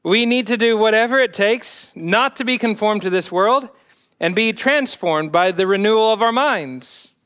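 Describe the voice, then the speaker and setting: A man's voice: sits high, expressive, moderate pace, a bit bright, clear, resonant tone, voice pushed up. A man voicing an earnest ancient male apostle who declaims scripture.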